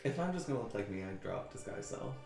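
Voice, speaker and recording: A man's voice: fairly low pitch, sing-song, fast, gravelly. A man playing a tabletop game, making sarcastic jokes. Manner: sarcastic joking. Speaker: player. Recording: echoey room, faint music.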